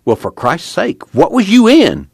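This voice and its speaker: A man's voice: sits high, huge pitch swings, a little slow, creaky, darkish tone, slightly rough, no echo, studio quality, voice pushed up, full character voice. A man voicing a brash, hot-tempered young man who blurts out blunt, swearing questions.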